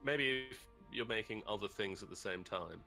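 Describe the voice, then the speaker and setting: A man's voice: on the low side, normal speed, creaky, faint music behind. A man co-hosting a livestream, chatting casually and retelling a joke while looking things up online. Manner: relaxed, retelling jokes while searching online. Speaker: livestream co-host. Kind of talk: casual chat.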